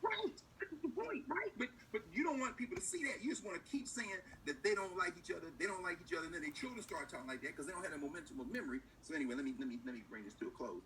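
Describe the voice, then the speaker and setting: A man giving animated political commentary, acting out officials in mocking voices with emphasis. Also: on the high side, rapid-fire, few pauses, a little hiss or hum. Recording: distant mic with faint room ambience.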